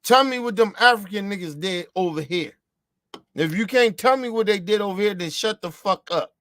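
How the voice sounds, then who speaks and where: Heated ranting host, American man, high-pitched and heated, profane, repetitive delivery, close dry sound. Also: normal speed, a bit bright, dry recording. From United States. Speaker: show host. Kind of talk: ranting monologue.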